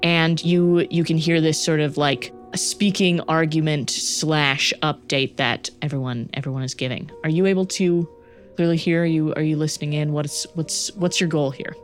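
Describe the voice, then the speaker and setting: A young woman narrating a tabletop game as game master, relaxed and hesitant. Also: deep voice, normal speed, soft background music. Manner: relaxed, hesitant, many fillers.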